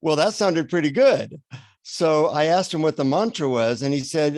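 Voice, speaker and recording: A man telling an animated anecdote as a guest on an interview show. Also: a little high, moderate pace, dry recording. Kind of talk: storytelling in an interview. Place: radio show recording.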